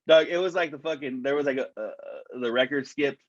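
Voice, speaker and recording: A man co-hosting a casual podcast, rambling through a story and swearing constantly. His voice sits at an ordinary middle pitch. The sound is dry and dull, with a lo-fi edge. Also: brisk, no echo. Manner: profane, rambling storyteller, says "dog" a lot. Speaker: podcast co-host. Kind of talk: casual chat.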